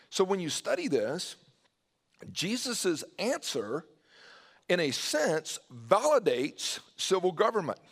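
A man preaching a sermon, swinging his pitch and loudness and dropping to a hushed voice when he quotes. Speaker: pastor.

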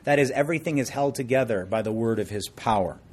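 A man's voice: mid-range voice, fast, a little mellow, slightly rough. A man preaching a sermon as pastor, explaining scripture and joking with the congregation. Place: church service before a congregation.

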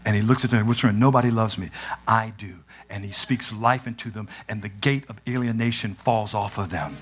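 A man preaching a sermon in a church, animated, acting out scenes and shouting at the peaks. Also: on the low side, brisk, husky. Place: church sanctuary.

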